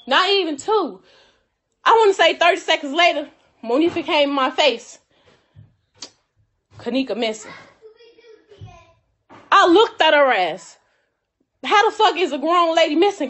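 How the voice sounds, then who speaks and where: A woman's voice: extremely high pitch, a bit bright. A woman delivering a heated, profane rant, cursing and laughing through her anger. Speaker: friend telling her side.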